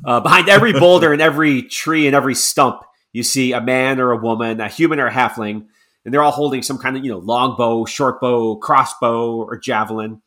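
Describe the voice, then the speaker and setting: A man narrating a tabletop game as game master, describing scenes in a relaxed, descriptive way. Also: mid-range voice, fairly quick.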